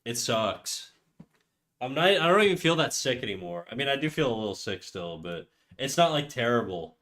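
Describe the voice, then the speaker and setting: A man's voice: medium pitch, big pitch swings, normal speed, fairly bright tone. A young man streaming live, chatting casually with his viewers in a rambling, swearing way while stuffed up with a cold. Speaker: livestreamer. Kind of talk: casual livestream chat.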